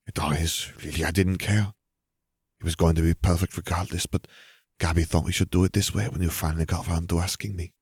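Guy doing a young french witch bride, soft hushed voice, tender and teasing, deep-ish dry read. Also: steady tone, a little fast, husky, dry recording, exaggerated voice. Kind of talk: audiobook reading of fan fiction.

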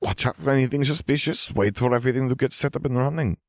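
A man voicing a frightened, nervous teenage boy wizard, pitching his voice higher and pleading. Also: fast talker, no echo, studio quality, lightly acted.

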